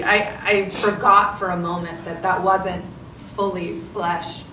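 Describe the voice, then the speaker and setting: A woman, an actress, telling a story in a press interview with excitement and many restarts. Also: medium pitch, unhurried. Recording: roomy, distant, noisy.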